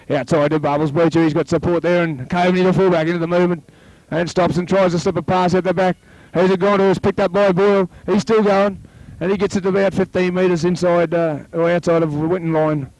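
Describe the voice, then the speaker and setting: A man with an Australian accent calling a local rugby league match play by play, chatting with his co-commentator and rising to excited shouts on tries. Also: a little high, quick pace, hardly any pauses, dry recording, poor audio.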